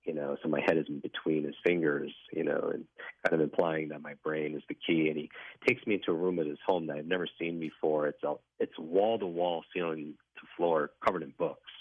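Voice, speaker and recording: A man's voice: extremely low pitch, steady tone, brisk, dry recording. A man telling his personal story as a guest in a radio interview, in an earnest, reflective way. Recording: dry tinny phone line.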